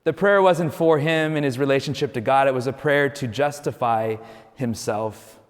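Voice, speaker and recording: Conversational priest in a reverberant hall. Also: male voice, mid-range voice, normal speed. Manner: conversational, storytelling, frequent "you know". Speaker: Catholic priest. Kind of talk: homily.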